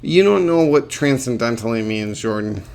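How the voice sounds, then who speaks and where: A man's voice: mid-range voice, lively intonation, moderate pace, vocal fry, darkish tone, slight background noise. A man doing reaction commentary on a clip, sarcastic and exasperated, swearing often.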